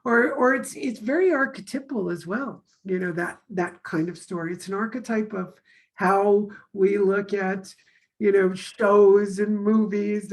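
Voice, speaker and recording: A woman speaking on a video call in a relaxed, conversational way. She tells anecdotes with energy, and she acts out the lines of the people in them. Her voice sits in a middle pitch. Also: low-quality recording. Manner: animated storyteller, acts out quoted dialogue. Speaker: course teacher. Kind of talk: casual conversation.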